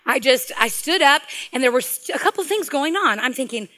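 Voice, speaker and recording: A middle-aged woman, preaching a sermon and telling a personal story in an animated way, laughing often and swinging from hushed to loud. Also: high voice, normal speed, few pauses. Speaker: guest preacher.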